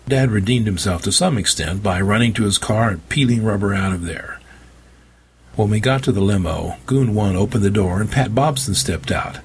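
Husky low-voiced male narrator. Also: expressive, normal speed. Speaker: audiobook narrator. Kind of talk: first-person scripted narration.

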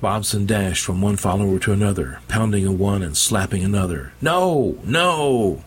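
A man's voice: low voice, steady tone, fairly quick, breathy edge. A man narrating an audiobook in a dry, wry storytelling manner. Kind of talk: scripted narration.

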